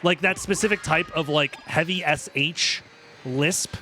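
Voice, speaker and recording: A man's voice: a little high, a little slow, sharp tone, slight background noise. A young man streaming a video game, chatting casually in a rambling, joking and self-deprecating way, swearing freely. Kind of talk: casual commentary while gaming.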